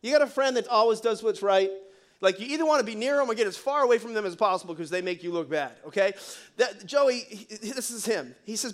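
High-voiced, animated male preacher. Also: brisk. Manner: animated, joking, conversational preaching. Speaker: pastor. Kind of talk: sermon.

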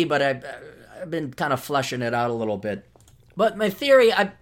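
A middle-aged podcast host with a higher, somewhat bright voice delivers a rambling, sardonic solo monologue. He restarts his sentences often.

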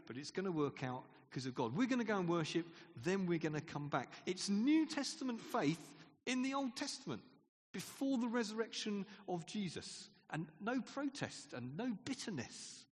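Man, preacher, conversational sermon, asks the room questions, slightly high voice, long hall echo. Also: very animated, normal speed, slightly rough. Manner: conversational, asks the congregation questions, laughs often. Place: church hall.

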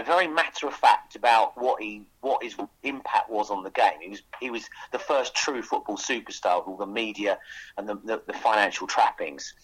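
A man being interviewed about his book, telling lively anecdotes with frequent restarts and laughs. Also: on the low side, slightly rough, poor audio. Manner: enthusiastic storyteller with frequent restarts. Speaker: author guest. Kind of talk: casual radio interview chat.

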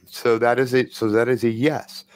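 A man's voice: mid-range voice, level tone, moderate pace, darkish tone, clean tone, no echo, clean studio sound. A man narrating as game master of a tabletop role-play game, in a casual, profane, descriptive way.

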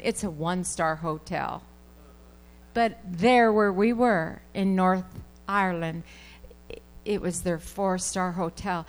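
A woman speaks to her church congregation in an even, middle-pitched voice. Her manner is earnest and conversational as she shares a heartfelt testimony. She talks to them as friends from the pulpit. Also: rough recording. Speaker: church member giving a report.

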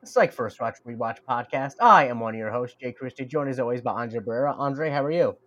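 Male podcast co-host, rapid casual chat, laughs a lot. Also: medium pitch, lively intonation, fairly bright tone. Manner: chatty, laughs often.

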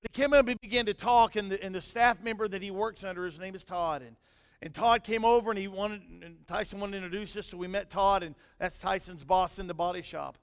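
A middle-aged man, preaching a sermon in a folksy storytelling way, his loudness rising and falling. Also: high-pitched, brisk, clean tone. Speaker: pastor. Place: church sanctuary. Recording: long hall reverb.

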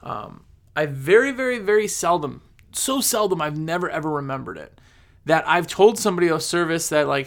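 A man's voice: on the high side, expressive, moderate pace, creaky. A man giving casual, rambling business advice, repeating himself and acting out his customers. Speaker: cleaning business coach. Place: recording on his phone.

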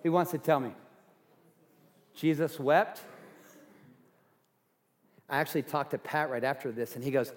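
A man preaching a sermon as pastor, earnest, going from loud emphasis to hushed softness. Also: mid-range voice, moderate pace, long pauses, long reverb tail. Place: church sanctuary.

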